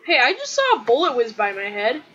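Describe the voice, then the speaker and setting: A woman giving excitable gameplay commentary, yelling and trash-talking her opponents. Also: on the high side, fairly quick, husky, lo-fi sound.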